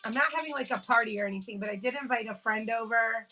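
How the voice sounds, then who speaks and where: A woman's voice: a little high, fast talker, pushed and bright, soft background music, low-quality recording. A woman hosting a casual live stream from home, telling stories with lots of laughs and greeting her chat. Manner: chatty storyteller, laughs often, greets chat. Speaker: livestream host.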